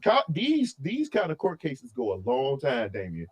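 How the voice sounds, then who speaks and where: A man co-hosting a casual album review, talking in an opinionated, animated way full of asides and restarts. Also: mid-range voice, normal speed, husky.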